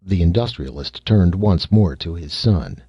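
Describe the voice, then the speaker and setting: A low-voiced man narrates a short story with a husky, breathy edge. His reading swings widely in pitch as he moves between characters. The sound is dry and a little dull, as if recorded on modest gear. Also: animated, unhurried, dry recording. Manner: reads every character's lines himself, lifting his pitch for children and the mother. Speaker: audiobook narrator.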